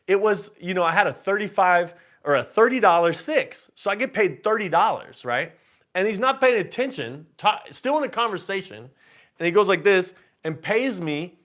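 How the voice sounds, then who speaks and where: Animated man telling a casino story. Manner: animated, acts out his own quotes louder and higher; many restarts and laughs. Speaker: host. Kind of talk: casual storytelling on a live stream.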